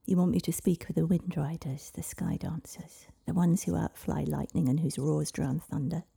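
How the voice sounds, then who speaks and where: A woman voicing a tall old village wise woman who tells stories of dragons, in a low, breathy, gravelly storybook reading. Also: sing-song, moderate pace, dark tone, full character voice. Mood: storytelling.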